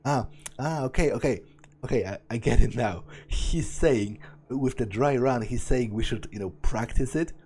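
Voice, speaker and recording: A man's voice: mid-range voice, moderate pace, hardly any pauses, warm tone, husky. A young man reading a visual novel aloud and commenting as he goes, thinking aloud with hesitant restarts. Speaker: let's play narrator.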